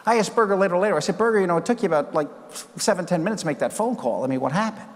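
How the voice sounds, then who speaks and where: This sixty-something keynote speaker talks very fast in a high voice. On stage in a big conference hall with long reverb, he tells stories and animatedly performs the dialogue.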